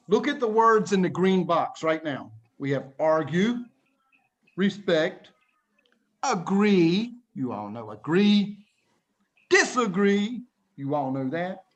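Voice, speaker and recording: A man teaching an online English lesson to children, explaining words patiently and plainly, laughing often, over a video call. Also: a little high. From United States.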